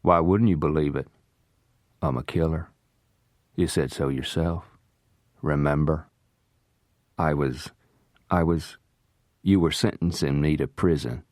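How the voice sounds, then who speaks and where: A man's voice: rumbling low, steady tone, measured pace, long pauses, darkish tone, no room sound, studio quality. A man reading aloud voices a vengeful man who taunts his captive in a mocking drawl. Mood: taunting.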